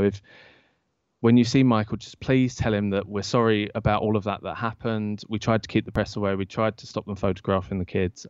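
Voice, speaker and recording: A low-pitched man spins an anecdote as a podcast guest, acting out the quoted lines. The sound is dull and lo-fi, dry with no room echo. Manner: lively storyteller who acts out quoted lines. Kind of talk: telling an anecdote in an interview.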